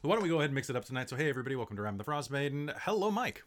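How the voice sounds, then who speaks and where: A man hosts as game master, rambling and cracking jokes between frequent fillers. His pitch moves about in a lively, animated way, neither high nor low. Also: rapid-fire, noisy background. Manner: joking, rambling with many fillers. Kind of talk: casual chat before a tabletop game.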